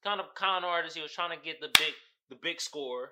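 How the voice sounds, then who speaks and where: A man's voice: on the high side, fairly quick, very noisy. A man hosting a podcast, telling a story in a casual, profane, slangy way, often laughing and acting out the people he talks about. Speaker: podcast host. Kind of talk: casual comedic podcast monologue.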